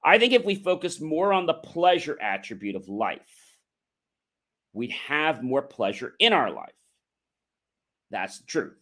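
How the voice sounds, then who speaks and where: A man's voice: fairly high pitch, sing-song, a little slow, long pauses, pushed and bright. A middle-aged man hosting a motivational livestream, coaching viewers with rhetorical questions and acting out sample conversations. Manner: emphatic, coaching delivery with rhetorical questions and acted-out example dialogue.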